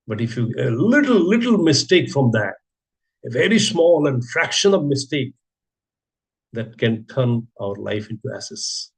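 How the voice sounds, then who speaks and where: Husky man preaching. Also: mid-range voice, very animated, a little slow. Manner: storytelling with rhetorical questions and repetitions. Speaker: preacher giving a scripture class. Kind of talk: sermon.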